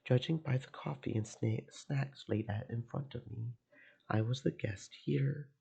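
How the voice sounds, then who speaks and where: A man streaming a let's play, reading first-person visual novel narration aloud in a slow, emotive way with game music behind. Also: mid-range voice, gravelly, warm tone, breathy edge. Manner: slow, emotive reading that swells into panicked repetition.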